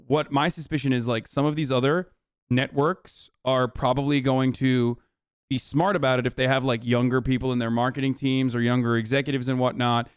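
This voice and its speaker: A man streamer talks in a loose, rambling way, restarting sentences and swearing as he goes. His voice is smooth and resonant. The sound is close and dry with no room echo. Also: mid-range voice. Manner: rambling, profane, many restarts. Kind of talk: casual chat.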